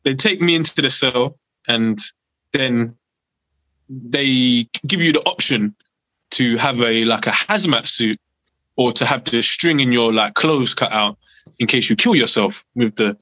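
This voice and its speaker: In a dry, low-quality recording, a young man with a London accent from South East London speaks at a measured pace in a medium-pitched voice. Guesting on a podcast, he tells a story casually and animatedly voices the other people in it.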